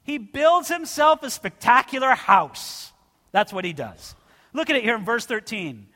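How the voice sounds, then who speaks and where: A man's voice: very high-pitched, sing-song, measured pace, pushed and bright. A man preaching an expository sermon in a church, earnest and direct, often calling his listeners friends. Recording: long reverb of a large hall.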